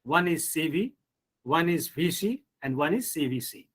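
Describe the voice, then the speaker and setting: A man teaching pronunciation in an online lecture, speaking in a slow, repetitive drilling manner and often saying "hmm" and "you see". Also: on the high side, expressive, a bit bright, husky, rough recording. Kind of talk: online lecture on word stress.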